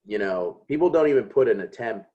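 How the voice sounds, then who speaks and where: Laid-back Chicago comedian on a dull lo-fi line. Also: male voice, on the low side, lively intonation, brisk. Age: young adult. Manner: laid-back, self-deprecating anecdotes. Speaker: comedian guest. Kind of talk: casual chat.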